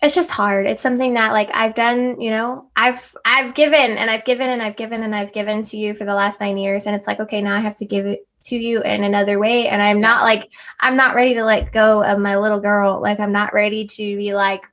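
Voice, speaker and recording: A woman's voice: mid-range voice, little pitch movement, brisk, fairly bright tone. A woman in her thirties chatting casually and emotionally about her kids as a podcast co-host. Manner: chatty, emotional, laughing often. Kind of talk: casual chat. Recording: lo-fi muffled audio.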